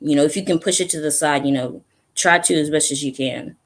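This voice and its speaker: A man speaking as a guest, giving earnest, reflective advice in a measured way. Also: fairly high pitch.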